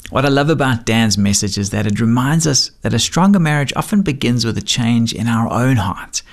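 A man hosting a radio show, reading a gentle, earnest scripted reflection. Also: medium pitch, lively intonation, fairly quick.

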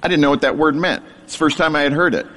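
A man's voice: a little high, steady tone, racing, fairly bright tone. A middle-aged man giving a humorous testimony sermon to an audience, a self-deprecating storyteller who chuckles at his own story. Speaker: speaker sharing his testimony. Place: large hall before an audience. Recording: reverberant hall.

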